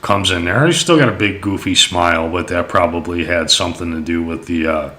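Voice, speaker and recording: A man's voice: low voice, a little fast, bright, forceful tone. A young man telling a personal story in a rambling, casual way, with lots of fillers and swearing. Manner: rambling, profane, many fillers.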